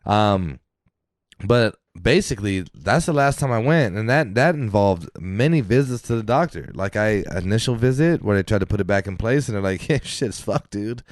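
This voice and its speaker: A man's voice: fairly low pitch, moderate pace, no room sound, studio quality. A man co-hosting a podcast in casual chat, telling stories with plenty of swearing and laughter. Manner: animated storyteller, swears freely, laughs often. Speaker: podcast co-host. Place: podcast studio.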